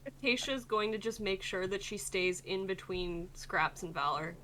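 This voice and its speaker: A woman's voice: mid-range voice, moderate pace, bright, forceful tone, slight background noise, poor audio. A woman playing a tabletop role-playing game, describing her character's actions with hesitant ums and restarts. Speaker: player.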